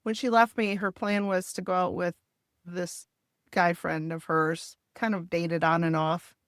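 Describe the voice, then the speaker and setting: A woman's voice: fairly low pitch, level tone, a little slow, no room sound, studio quality. Midwestern mother telling a painful story. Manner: emotional, candid retelling with quoted dialogue. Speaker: podcast host telling her story. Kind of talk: personal storytelling in a podcast interview.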